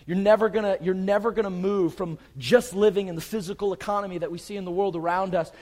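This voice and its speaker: A man preaching a sermon as pastor, swinging from urgent, raised emphasis to quiet, soft reassurance. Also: high-pitched, fairly even intonation, quick pace, big-room sound, poor audio.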